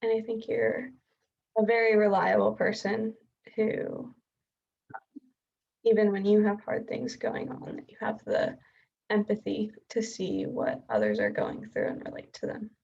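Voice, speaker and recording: A young woman giving a gentle, heartfelt tribute to her best friend over a video call, pausing often. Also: medium pitch, animated, gravelly, husky, muffled recording. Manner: gentle, with many pauses and ums.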